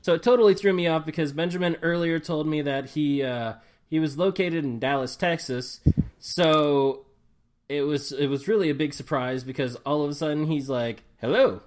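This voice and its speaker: A male podcast host whose voice sits a little high for a man. He talks in a friendly, chatty way, welcoming his guest and asking questions conversationally. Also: moderate pace, slight background noise. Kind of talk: casual podcast interview.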